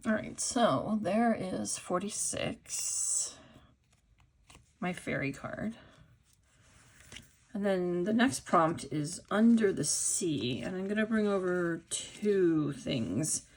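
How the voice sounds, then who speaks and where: A woman's voice: fairly low pitch, animated, takes it slowly, breathy edge. A middle-aged woman with the hiccups, casually narrating her papercraft work, thinking aloud and often dropping to a whisper. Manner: chatty, thinking aloud while working; drops to soft whispers as she works. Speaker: papercraft video maker.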